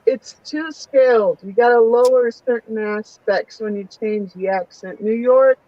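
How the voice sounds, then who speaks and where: A woman's voice: a little high, unhurried, dry recording. A young woman chatting casually with her mother, teasing and swearing freely. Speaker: daughter of the host. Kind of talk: casual chat. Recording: dull muffled sound.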